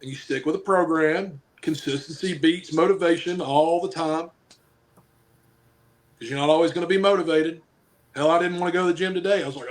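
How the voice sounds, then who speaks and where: A man's voice: fairly high pitch, a little fast. A man who wrestles professionally and coaches football, chatting casually on a podcast, rambling and joking while he hands out blunt advice.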